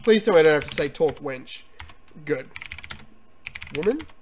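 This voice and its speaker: A man streaming a retro computer game, chatting excitedly and reading the game's text aloud. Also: fairly high pitch, a little fast, a little hiss or hum. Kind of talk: casual gameplay commentary and reading game text.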